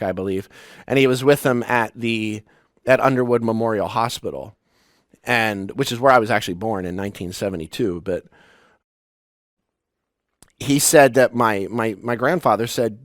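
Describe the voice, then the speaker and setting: A man in his forties, a spiritual teacher, giving a reflective talk with personal stories, halting and restarting as he goes. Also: medium pitch, no room sound, clean studio sound. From United States. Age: 40s. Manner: personal, storytelling with pauses and restarts.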